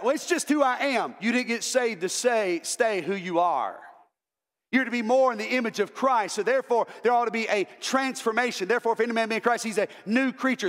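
A man's voice: sits high, a bit bright, in a large hall. A male pastor preaching an impassioned sermon, repeating words as he builds to emphatic calls. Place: church sanctuary.

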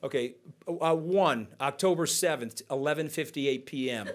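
A man tells stories from a conference stage. His delivery is animated and conversational. He slips into other people's voices to act out quotes as he goes. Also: fairly high pitch, moderate pace. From United States. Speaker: guest speaker. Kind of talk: onstage storytelling conversation.

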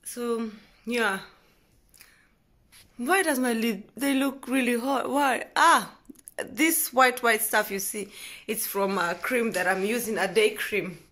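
A woman from Kenya chatting casually to the camera at home in a vlog, rambling and correcting herself, often trailing off softly. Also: on the high side, takes it slowly. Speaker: vlogger. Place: at home indoors.

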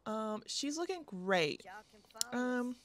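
A woman's voice: fairly high pitch, very animated, takes it slowly. A young woman giving casual, chatty commentary on her own game play, often laughing and gasping as she goes. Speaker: gaming youtuber.

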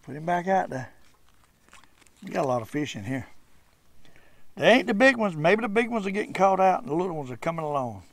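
An older man, casually commenting while fishing from a boat on a lake, folksy and repetitive, excited when he lands a fish. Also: sits high, a little fast, creaky, long pauses. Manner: folksy, repeats himself, excited over catches. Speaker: fishing channel host.

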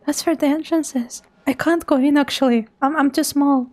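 A woman's voice: sits high, fairly even intonation, normal speed, a little mellow. A woman streamer giving live commentary on a horror game, talking to her chat and dropping to a whisper when she gets scared.

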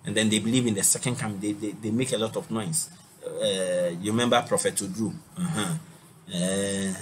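A man's voice: lowish voice, moderate pace. A man giving a recorded university lecture, talking straight to his students and repeating words for emphasis. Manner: lively, addresses students directly, repeats words.

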